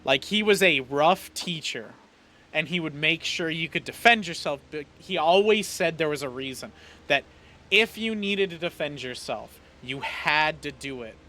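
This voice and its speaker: A man's voice: a little high, animated, normal speed, bright, forceful tone, a little hiss or hum. A man narrating as game master of a tabletop game in a casual, swearing style.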